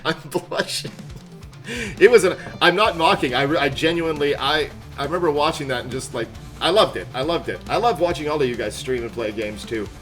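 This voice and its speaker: A man's voice: on the high side, brisk. A man chatting casually on a live game stream, upbeat and rambling, laughing often. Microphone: headset. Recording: background music playing loudly. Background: music.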